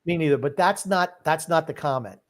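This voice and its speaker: An older man co-hosts a casual sports podcast and reads chat comments out loud. He jokes and teases the others in easygoing banter. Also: fairly high pitch, brisk. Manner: teasing, joking, reads comments aloud. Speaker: co-host reading chat comments.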